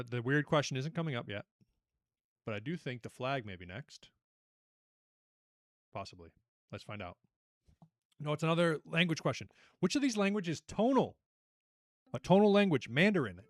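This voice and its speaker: A young man hosting a casual online trivia night, chatty and animated as he reads out questions and reacts to the players. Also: mid-range voice, no room sound, clean studio sound. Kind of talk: casual livestream quiz hosting.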